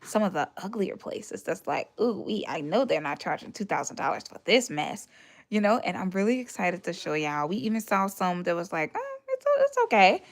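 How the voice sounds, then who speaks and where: A woman hosts a casual livestream, chatting with viewers, laughing often and retelling conversations in put-on voices to act out what people told her. Her voice is on the low side, with lively intonation and a moderate pace.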